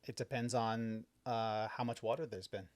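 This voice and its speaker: A young adult man co-hosting a casual home podcast, explaining village board business in a relaxed way with frequent ums and restarts. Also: mid-range voice, moderate pace, no room sound. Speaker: village trustee and podcast co-host. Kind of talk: casual podcast chat recapping a board meeting.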